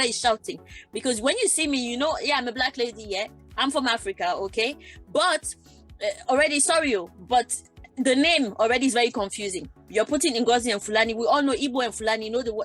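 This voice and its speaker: A woman from Germany speaking on a discussion panel, her voice sitting on the higher side. She talks in an animated, conversational way, often repeating and restarting her words. Soft music plays faintly behind her. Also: fast talker. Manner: animated, acts out quoted exchanges, repeats herself.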